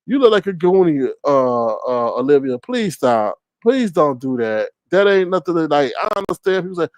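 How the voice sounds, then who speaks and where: Sassy high-voiced man roasting. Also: very animated, normal speed, hardly any pauses, no echo. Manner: sassy, theatrical, swings pitch. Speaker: livestream host. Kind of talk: casual roast commentary.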